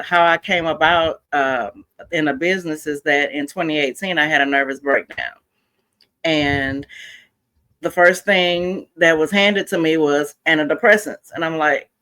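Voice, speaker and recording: A woman's voice: low voice, pushed and bright. A middle-aged woman from Houston, a mental health coach, talking earnestly and casually as a podcast guest with many fillers. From Houston, Texas. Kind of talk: casual interview talk.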